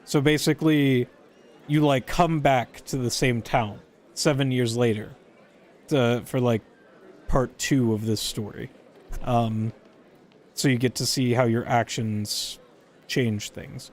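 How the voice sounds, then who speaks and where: A man's voice: medium pitch, steady tone, takes it slowly. A man streaming a game, rambling through casual commentary with lots of fillers. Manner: rambling, filler-heavy, reads game dialogue aloud.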